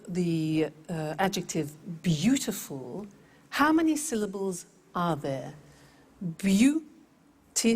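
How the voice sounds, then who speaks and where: A woman teaching English vocabulary in a scripted lesson, speaking deliberately and repeating words for pronunciation. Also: medium pitch, husky.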